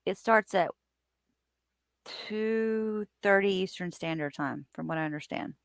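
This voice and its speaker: A woman hosting a casual live stream, chatting and greeting her viewers by name in an animated way. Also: a little slow, vocal fry, dry recording, studio quality. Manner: animated, lively swings in pitch and loudness.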